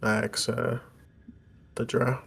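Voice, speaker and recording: A man playing a tabletop game, low-key and often trailing off into mumbles. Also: level tone, slow pace, creaky, fairly bright tone, breathy edge. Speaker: player.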